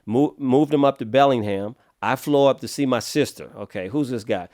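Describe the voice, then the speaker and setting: A middle-aged man from Los Angeles, a podcast guest telling his life story in a casual, streetwise way, often clearing his throat. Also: mid-range voice, normal speed, a little mellow, no room sound, studio quality. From Los Angeles, USA.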